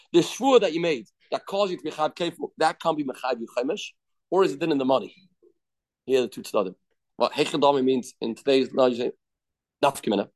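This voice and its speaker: Man teaching a Talmud lesson. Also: fairly high pitch. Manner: explains step by step, asking questions and answering them; mixes English with Hebrew and Aramaic terms. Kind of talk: daily Talmud class.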